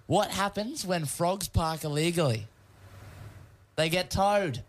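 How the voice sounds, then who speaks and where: A man's voice: high voice, background noise. A young man hosting a casual studio show, teasing his co-hosts and drawing out his jokes. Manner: playful, teasing, drawn-out joke delivery. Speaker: radio show host.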